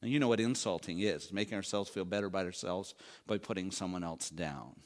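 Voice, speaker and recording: A man's voice: sits low, a little fast. Man preaching a conversational sermon. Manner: conversational preaching with rhetorical questions and asides. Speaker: pastor.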